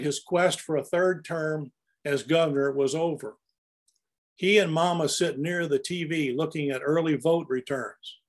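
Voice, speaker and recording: An older man narrating his own photographs in an anecdotal, storytelling way as he presents them. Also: fairly high pitch.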